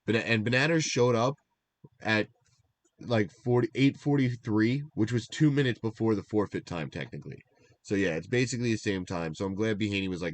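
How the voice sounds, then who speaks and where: A young man co-hosting a casual stream recap, rambling and animated, laughing at himself as he goes. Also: fairly low pitch, a little fast, dry recording. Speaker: draft league recap co-host.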